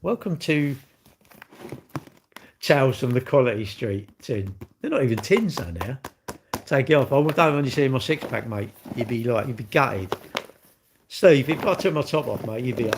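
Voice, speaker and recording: A man's voice: medium pitch, animated, moderate pace, background noise. An English man, middle-aged, hosting a casual live stream and bantering cheekily with his chat in a rambling, jokey way. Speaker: livestream host.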